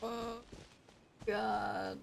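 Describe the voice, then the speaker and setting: Woman streamer, flustered game commentary, high voice, unhurried. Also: level tone, creaky, a little hiss or hum. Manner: flustered, exclaiming. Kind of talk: casual gaming stream commentary.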